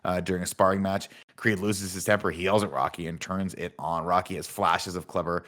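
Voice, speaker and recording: A man in his thirties casually recapping a movie's plot as a podcast host, in a deadpan manner. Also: low-pitched, brisk. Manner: deadpan, reads out film dialogue in recaps.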